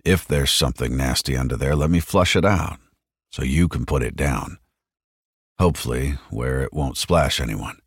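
A man voicing a gruff, steady male marine corporal who leads a group in an audiobook. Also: rumbling low, normal speed, dry recording, clean studio sound, pitched below the performer's own voice. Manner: gruff, steady, snaps when angry.

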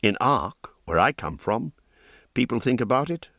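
A man's voice: mid-range voice, big pitch swings, normal speed, vocal fry, fairly bright tone, dry recording, studio quality, pitched above the performer's own voice. A man voicing a cocky, gossipy young male wizard student who talks in a chatty, offhand way. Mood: earnest.

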